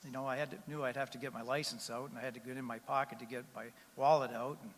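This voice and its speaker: A man's voice: medium pitch, fairly even intonation, fast, lightly acted. A man voicing a husband who protests his innocence to a police officer. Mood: protesting. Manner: protesting, indignant. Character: defensive blustering middle-aged husband. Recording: long reverb of a large hall.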